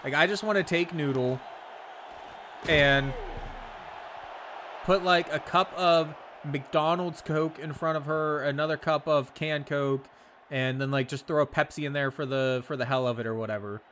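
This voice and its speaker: A man with a slightly high, fairly bright voice streams a video game, chatting casually with viewers at a moderate pace with fairly even intonation. He's laid-back and profane, laughing often, with slight background noise.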